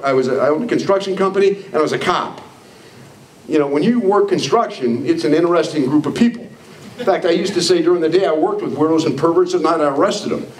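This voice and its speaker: Emphatic older man speaking in an echoey hall. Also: on the high side. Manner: emphatic, preachy, acts out quoted voices. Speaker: motivational speaker. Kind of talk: live leadership training talk. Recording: echoey hall, far from mic, faint noise.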